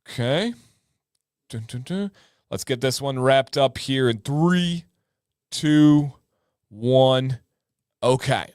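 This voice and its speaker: A man in his thirties hosting a casual livestream, chatting with viewers and telling stories with lively sound effects. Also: mid-range voice, slow, pauses often, no room sound, clean studio sound. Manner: animated storyteller with sound effects. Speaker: livestream host.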